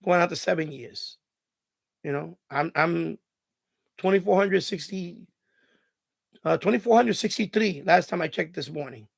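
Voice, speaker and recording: A man hosting a live stream in casual chat, his voice raspy and hoarse from hours of talking, giving rambling advice full of "you know" and restarts. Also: on the high side, moderate pace, pauses often, no echo, clean studio sound.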